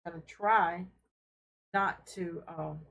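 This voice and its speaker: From her home fish room, a woman hosts a casual fish-keeping live stream, carrying a handheld camera from tank to tank. Her voice is fairly low, steady, creaky and fairly bright, and she talks in an unhurried, friendly way with fillers. The recording is low quality.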